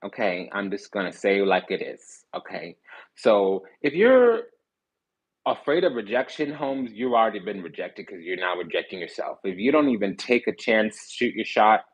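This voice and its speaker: A man's voice: on the low side, big pitch swings, normal speed, slightly rough, poor audio. A man giving a casual tarot reading, talking bluntly in slang and with swearing, and often stopping to restart his sentences. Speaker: tarot reader.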